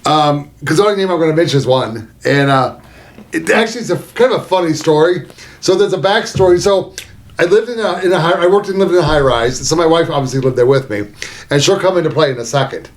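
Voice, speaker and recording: A man's voice: fairly high pitch, quick pace. A man co-hosting a podcast, telling a crude, joking work story in casual chat. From American South. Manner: crude, joking, acts out quoted voices. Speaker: podcast co-host.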